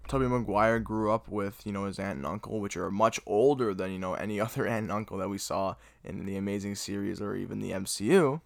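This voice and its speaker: A young man gushing about a movie in an excited, casual recap, full of "dude" and "oh my God". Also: lowish voice, gravelly, no room sound, studio quality. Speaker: movie fan reviewer.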